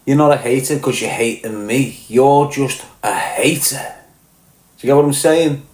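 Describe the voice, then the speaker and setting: A man's voice: mid-range voice, normal speed, a little mellow, echoey room, poor audio. A middle-aged man with a Liverpool accent, ranting bluntly and swearing, firing rhetorical questions at his viewers. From Liverpool, England. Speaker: podcast host.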